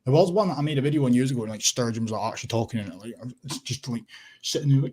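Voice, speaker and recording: A man's voice: medium pitch, expressive, quick pace, fairly bright tone, slightly rough. A Scottish man hosting a casual livestream, rambling and swearing, laughing often as he clicks through tabs. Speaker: livestream host.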